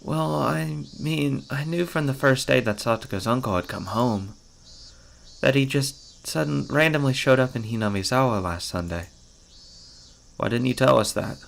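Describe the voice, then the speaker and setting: A man voicing a tomboyish teenage girl who speaks quietly and hesitantly while reading a visual novel aloud. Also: medium pitch, normal speed, creaky, a little hiss or hum, voice pushed up, natural voice.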